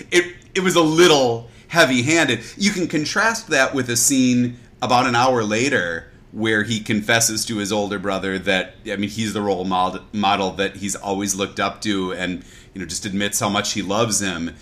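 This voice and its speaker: A man's voice: on the low side, fairly even intonation, moderate pace, few pauses, sharp tone. A man co-hosting a casual movie discussion, earnestly posing questions about scenes. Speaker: podcast co-host.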